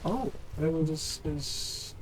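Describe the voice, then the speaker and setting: Slow-talking, excitable male game streamer. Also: a little high, background noise. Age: adult, former teacher. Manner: excitable, swears often, thinks aloud. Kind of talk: casual live gameplay commentary.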